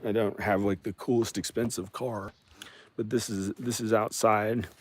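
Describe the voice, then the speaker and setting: Rambling man, low voice. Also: level tone, moderate pace, slight background noise. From American South. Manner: meandering, repeats phrases and restarts often. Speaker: vlogger. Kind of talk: rambling casual vlog monologue.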